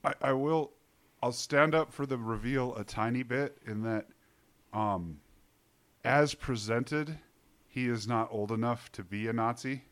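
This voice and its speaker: A man joining a casual movie review podcast as a guest, speaking in a measured, slightly hesitant way. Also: mid-range voice.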